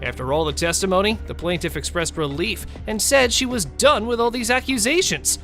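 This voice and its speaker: A man's voice: high-pitched, animated, fairly quick, fairly bright tone. A man narrating a court show recap in a mocking, gossipy tone, over faint music.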